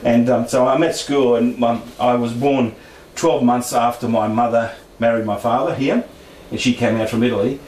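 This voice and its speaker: A man's voice: medium pitch, steady tone, moderate pace, few pauses, a little mellow. Rambling man in a roomy hall. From Brisbane, Australia. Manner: meandering, frequent restarts and asides. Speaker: guest speaker at a paranormal discussion group. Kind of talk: rambling personal storytelling. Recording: roomy room, distant mic, faint background noise.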